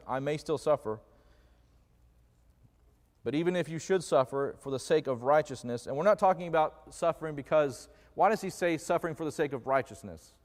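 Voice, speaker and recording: A somewhat high-voiced man delivers a conversational, jokey sermon in a church sanctuary, posing questions to the congregation along the way. His speech fades into a long hall reverb.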